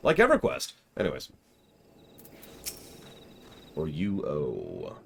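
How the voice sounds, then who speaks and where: A man's voice: a bass voice, wildly swooping pitch, drawn-out words, creaky, slight background noise. A man streaming and reviewing a game, talking casually with sardonic, ranting humor. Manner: sardonic, ranting with mock vehemence. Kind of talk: casual game commentary while reading dialogue aloud.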